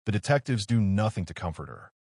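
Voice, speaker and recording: A man giving scripted, measured narration explaining a police interrogation. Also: fairly low pitch, sing-song, noisy background. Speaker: true crime commentator. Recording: dry close-mic voice-over.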